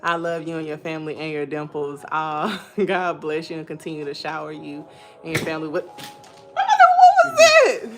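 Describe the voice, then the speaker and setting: A young woman hosting a casual live stream. She reads viewers' comments aloud and tells stories in an animated way, laughing often. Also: deep voice, a little fast, loud music behind the voice.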